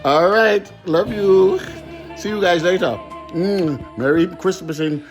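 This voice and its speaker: A male cooking show host and teacher speaks slowly in a high voice, being silly and sing-song in his kitchen during a playful home cooking show, with music in the background.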